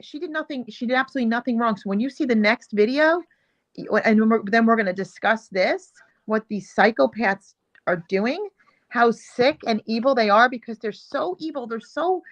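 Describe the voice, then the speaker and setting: A woman hosting a show, giving heated, emphatic commentary on video clips and repeating her points with indignation. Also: fairly high pitch. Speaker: show host.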